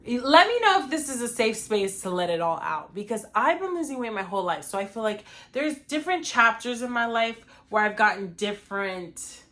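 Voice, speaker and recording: A woman's voice: on the high side, animated, moderate pace, hardly any pauses, sharp tone. A young woman talking earnestly and emotionally to her viewers about her weight loss, with lots of "like" and "you know". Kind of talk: casual confessional talk to camera.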